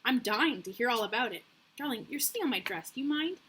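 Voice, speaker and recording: A woman's voice: on the high side, animated, fast, fairly bright tone, a little hiss or hum. A woman voicing a vain, pampered young noblewoman who gushes and chatters in a lazy drawl. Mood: gushing.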